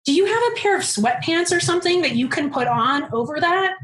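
A woman's voice: high-pitched, lively intonation, a little fast, fairly bright tone, echoey room. A woman voicing her stern, exasperated female clinic supervisor, who scolds indignantly. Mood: exasperated scolding.

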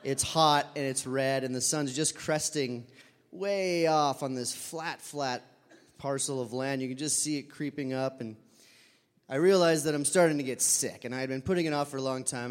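A man's voice: medium pitch, moderate pace, long reverb tail. A man telling a personal story live, casual and conversational with fillers, sometimes acting out voices.

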